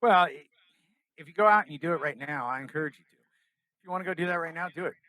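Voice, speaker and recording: A man's voice: on the high side, quick pace, sharp tone, low-quality recording. A young man from California, a podcast guest, telling a story in casual interview talk and acting out the dialogue.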